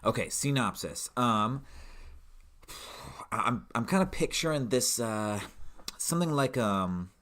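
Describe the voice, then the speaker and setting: A man co-hosting a tabletop gaming podcast, pitching a scenario in a rambling, casual way with lots of fillers. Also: lively intonation, unhurried, long pauses, a bit bright. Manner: rambling, many fillers and restarts. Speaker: podcast co-host, game master. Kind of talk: casual chat.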